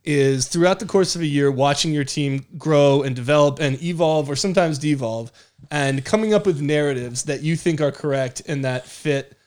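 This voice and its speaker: A man's voice: on the high side, moderate pace, a little mellow. A man co-hosting a sports podcast in casual, conversational chat, often stopping to rephrase his thoughts. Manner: conversational, with frequent fillers and restarts. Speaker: podcast co-host.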